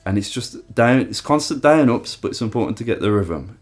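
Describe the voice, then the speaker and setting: A man's voice: fairly low pitch, expressive, brisk. A man teaching a guitar lesson, explaining each step and counting strums aloud. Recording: loud guitar playing behind.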